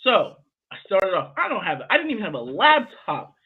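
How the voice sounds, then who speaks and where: High, lively, bright-voiced male host. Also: moderate pace, breathy edge, phone-quality sound. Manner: playful hype-man, slangy storytelling. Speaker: livestream show host. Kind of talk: casual hype chat.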